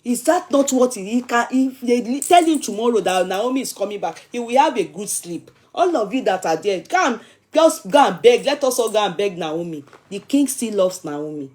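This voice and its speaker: A woman's voice: fairly high pitch, expressive, normal speed, a little mellow. A Nigerian woman hosting a casual live stream, talking emphatically and repeating herself, often in a pleading tone.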